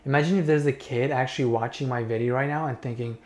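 A man's voice: mid-range voice, fairly even intonation, fast, roomy sound. A young man giving reaction commentary as a YouTuber, mocking, incredulous and sweary.

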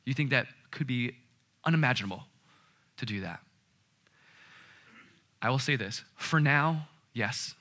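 A man preaching a sermon in an earnest way, repeating key phrases and dropping to a hush. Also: medium pitch, expressive, a little slow, long pauses. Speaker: pastor.

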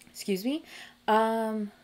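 A young woman hosting a music video reaction, talking casually and reacting excitedly with gasps, laughs and swearing. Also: fairly high pitch, drawn-out words. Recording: faint music behind.

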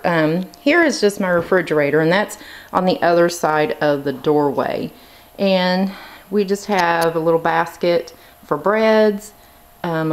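A woman in her thirties giving a casual tour of her home kitchen, chatty with lots of ums and likes, a little out of breath, filming as she walks around. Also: lowish voice. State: slightly out of breath. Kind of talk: casual walkthrough narration.

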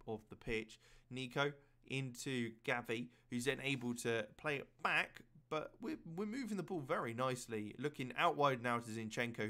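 Excitable man calling a game match. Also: medium pitch. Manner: excitable, chatty, laughs at misses. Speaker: gaming commentator. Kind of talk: casual play-by-play commentary.

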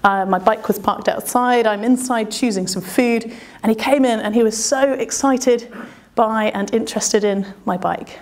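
This British adventurer and speaker has a slightly high voice, a steady tone, and a moderate pace. She recounts a travel story with a chatty, self-deprecating style and frequent laughs.

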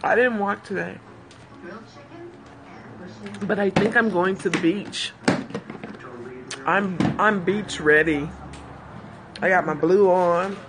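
A woman chatting casually with viewers on a phone livestream, animated and laughing often, calling them girl. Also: mid-range voice, takes it slowly, pauses often, noisy background. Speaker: livestream host.

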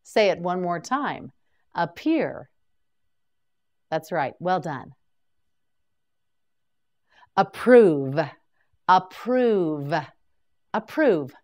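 A woman leads a vocabulary drill at a very slow, careful pace. Her voice sits a little low, yet her pitch moves a lot and rises and falls as she repeats each word. She sounds like a patient teacher prompting learners to say each word after her. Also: very animated.

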